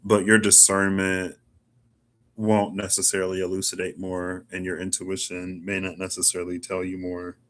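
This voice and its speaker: A man's voice: low voice, monotone, normal speed, a little hiss or hum. A man doing a casual self tarot reading, musing and rambling with lots of "like". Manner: musing, rambling, chatty with filler "like". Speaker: tarot reader.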